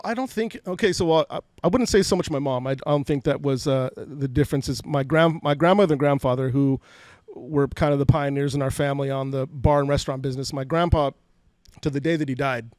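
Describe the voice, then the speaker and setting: Through a podcast studio mic with no room sound comes a slightly high, darkish voice. It belongs to a man in his forties from Fresno, California, who openly tells emotional personal stories in an interview, frequently repeating words.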